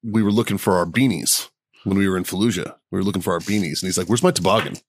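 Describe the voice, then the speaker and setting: A man's voice: deep voice, fairly even intonation, fast talker, husky. A man co-hosting a podcast in casual, joking, profane chat, laughing often. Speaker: podcast co-host.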